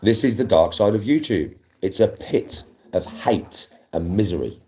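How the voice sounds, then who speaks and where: A man's voice: fairly low pitch, animated, measured pace, dark tone. A man, a livestream host, ranting at live viewers in an aggressive, defiant, swearing way.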